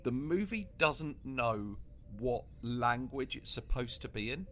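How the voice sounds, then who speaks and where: A man co-hosting a casual comedy chat, animated and laughing often as he riffs. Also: mid-range voice, slow, slight background noise. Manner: animated, laughs often, acts out quoted lines. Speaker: podcast co-host.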